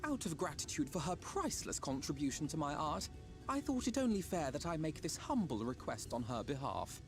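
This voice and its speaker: A courteous young scholar makes his requests in formal, courtly language. His fairly high voice moves lively through each line, with soft game music behind him. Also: fairly quick. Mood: earnest.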